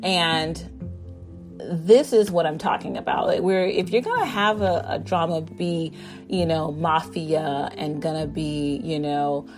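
A woman's voice: low voice, unhurried, over music. A woman giving an enthusiastic, rambling recap of a drama episode, full of fillers. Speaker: drama reviewer.

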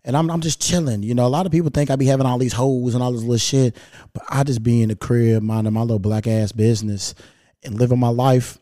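Brief: male podcast host from Louisville, Kentucky, laid-back, swears a lot, mellow tone, dry sound. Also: medium pitch, fast talker, dry recording. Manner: laid-back, profane, animated storytelling. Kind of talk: casual solo storytelling. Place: at home.

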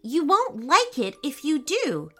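A woman voicing a calm, cheeky young boy who speaks without fear in a storybook. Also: high-pitched, takes it slowly, voice pushed up, heavily acted. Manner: calm, unbothered.

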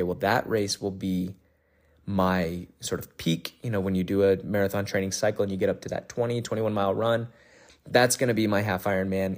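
A man with a fairly low voice hosts his own podcast, speaking alone. He talks casually and candidly, rambling along with plenty of fillers and restarted phrases. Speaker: podcast host. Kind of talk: casual monologue recapping a race.

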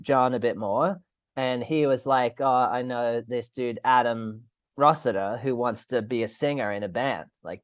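A man's voice: mid-range voice, dry recording, clean studio sound. A man with an Australian accent, a podcast guest chatting casually over a call, rambling and swearing as he restarts his sentences.

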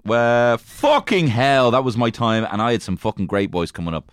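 A man's voice: mid-range voice, big pitch swings, moderate pace, clear, resonant tone, dry recording, studio quality. A man co-hosting a podcast, bantering and swearing as he keeps score in a card game. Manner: swearing, joking, teasing. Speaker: podcast co-host. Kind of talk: casual banter.

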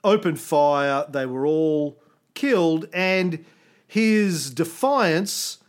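Brief: slightly high male podcast host, animated, halting storyteller. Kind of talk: casual history chat.

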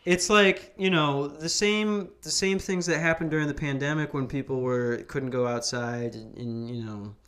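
A man's voice: on the high side, moderate pace, few pauses, fairly bright tone. A young man from Minnesota in casual podcast chat, rambling and swearing, laughing as he tells stories. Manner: rambling, profane, laughs through his stories.

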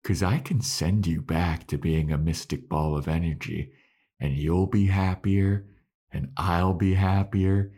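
A man's voice: deep voice, fairly even intonation, a little slow, mellow, breathy edge. A man voicing a cold, mocking young witch who taunts her listener while recapping a show on a podcast. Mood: taunting. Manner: taunting, menacing.

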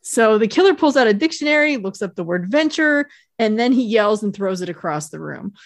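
A woman co-hosting a podcast, narrating a TV episode's plot step by step in a relaxed way. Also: medium pitch, brisk. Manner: steady, detailed plot narration. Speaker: podcast co-host. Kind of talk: casual recap chat.

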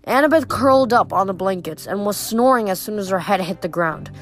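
A woman's voice: mid-range voice, lively intonation, fairly quick, soft background music. A woman reading a novel aloud to her channel, chatty and full of fillers in her asides between chapters. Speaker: audiobook reader.

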